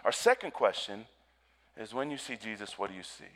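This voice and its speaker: A man preaching a sermon as pastor, rising loud and falling to a hush, slowing down to stress words. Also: fairly low pitch, big pitch swings. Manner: preaching with wide swings from loud to hushed; slows and stretches words for emphasis.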